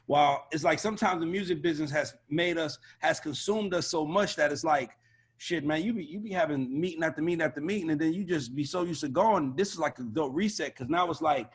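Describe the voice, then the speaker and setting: A man speaking on a video call as an A&R panelist, blunt, profane and animated in a casual panel discussion. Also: a little high, brisk, slightly rough. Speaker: record label A&R panelist.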